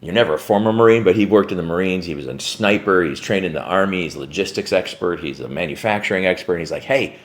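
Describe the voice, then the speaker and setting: A man's voice: low voice, quick pace, few pauses. A man who owns a warehouse business, telling a story to camera in a casual way, full of "like" and "right?" and free swearing.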